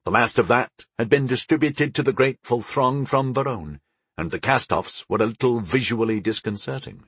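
A man narrating a fantasy audiobook in the first person, expressive and storytelling. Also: mid-range voice, normal speed, breathy edge, no room sound.

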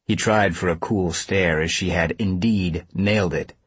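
A man narrating a novel in a low, quiet, even voice. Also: measured pace, hardly any pauses, husky, no echo. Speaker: audiobook narrator. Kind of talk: scripted narration.

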